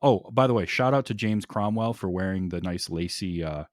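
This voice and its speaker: A podcast guest with a low-pitched voice talks excitedly about a film at a moderate pace in a casual movie podcast chat. He laughs readily and restarts sentences often, and the sound is dry and close with no room sound.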